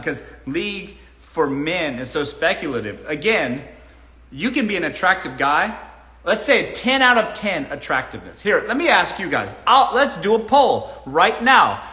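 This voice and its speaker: A man hosts a live dating Q&A and gives advice bluntly, swearing freely. His voice sits a bit high and bright, and it jumps around a lot in pitch. The recording has a roomy echo. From Los Angeles. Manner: blunt, profane, animated.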